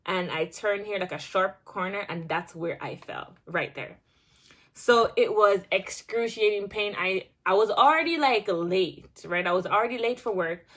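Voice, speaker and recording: A young woman vlogger telling a casual storytime, chatty and animated, with many restarts and filler words. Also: medium pitch, moderate pace.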